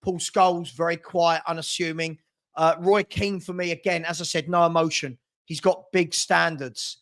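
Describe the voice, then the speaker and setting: Hosting a live football stream, this talkative man has a slightly high, fairly bright voice with fairly even intonation and a moderate pace. He reads out viewers' comments and answers them ramblingly, frequently restarting and repeating words mid-sentence.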